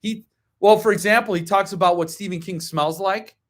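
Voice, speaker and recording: This is a man with a slightly high-pitched voice, hosting a casual live stream about books. He chats loosely, full of ums and side remarks. He readily slides into opinionated, wryly grumpy rants. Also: normal speed, a bit bright. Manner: opinionated, wry grumbling rants; chatty, digresses with ums and asides. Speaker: host.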